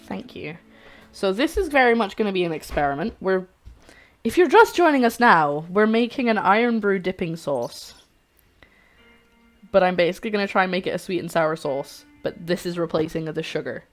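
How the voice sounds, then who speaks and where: A young woman hosting a live cooking stream, talking through her steps in a relaxed way. Her voice sits a little low for a woman. Faint music plays behind her. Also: normal speed. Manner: relaxed, explaining steps as she cooks. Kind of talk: casual chat while cooking.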